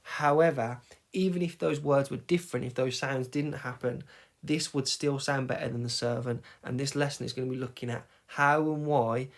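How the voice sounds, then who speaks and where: A man's voice: medium pitch, fairly even intonation, moderate pace, vocal fry. Guy teaching a video lesson, medium voice, keeps going "okay?". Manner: emphatic, tapping out rhythms, frequent "okay?" check-ins. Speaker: English teacher.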